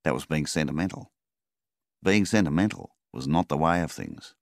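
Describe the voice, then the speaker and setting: Deep, gravelly narrator. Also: male voice, lively intonation, normal speed, no room sound. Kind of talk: audiobook narration.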